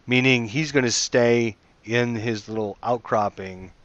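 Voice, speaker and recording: A man with an average-pitched voice narrates a tabletop adventure as game master, meandering and correcting himself as he goes. He sounds close and dry, through a somewhat dull computer mic. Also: measured pace, a bit bright, no room sound. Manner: rambling, full of fillers, self-correcting. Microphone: computer mic over voice chat.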